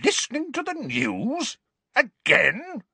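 A man's voice: very animated, measured pace, husky, dry recording, full character voice. A man doing a blustering, furious uncle. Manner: loud, strained snarling that shoots high. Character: blustering furious stout middle-aged uncle.

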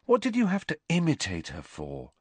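A man's voice: wildly swooping pitch, moderate pace, a little mellow, husky, no room sound, heavily acted. A man voicing a blunt, somewhat awkward teenage boy, close to his own voice. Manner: blunt, low-key.

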